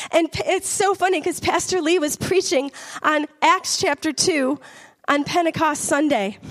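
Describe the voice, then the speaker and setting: Woman, middle-aged, high-pitched, earnest testimony, emotional, laughs while talking. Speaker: church member giving testimony. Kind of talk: personal testimony.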